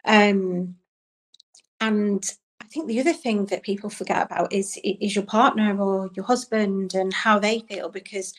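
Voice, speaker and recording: A young woman speaks in a flat, narrow-ranged voice, pausing often and restarting her sentences. She tells a personal story as an interview guest, quietly and haltingly. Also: medium pitch. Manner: soft, halting, with many ums and restarts.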